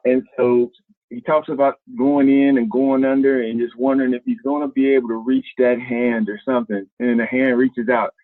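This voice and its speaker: A lively former basketball player from Ohio, appearing as a guest, tells stories at normal speed in loose, slangy language. He acts out other people's words with big jumps in pitch, and his voice sounds tinny and narrow like a phone call, dry and close with no room sound.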